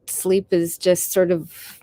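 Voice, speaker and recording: A woman's voice: lowish voice, flat delivery, slow, dark tone, no echo, clean studio sound. A Canadian woman with a Canadian accent, hosting a casual live stream, tired and rambling as she answers her chat with small apologies.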